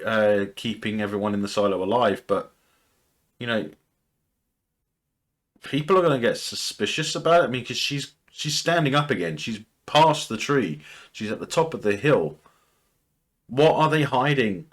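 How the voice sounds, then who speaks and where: A man's voice: mid-range voice, a bit bright. A man hosting a TV reaction video, casually thinking aloud and speculating, often restarting his sentences.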